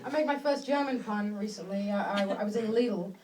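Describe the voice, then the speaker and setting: A woman from England performing a stand-up comedy set in a small club, speaking in a dry, halting way with lots of fillers and restarts. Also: mid-range voice, background noise. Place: small club with a live audience. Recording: distant mic, loud crowd laughter. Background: audience laughing.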